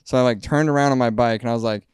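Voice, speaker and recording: A man's voice: medium pitch, steady tone, very fast, smooth, no room sound, studio quality. A man in his twenties, a podcast guest, telling a story casually with a lot of "like" and laughing at himself. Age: 20s. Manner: rambling, many "like"s, laughs at himself.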